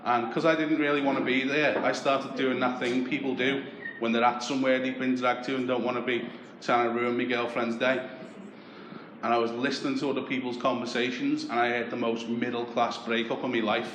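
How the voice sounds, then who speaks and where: A man's voice: mid-range voice, little pitch movement, fairly quick, fairly bright tone. A man doing a brash, sweary stand-up comedy set in a club. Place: comedy club with a live audience. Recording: roomy club with audience noise.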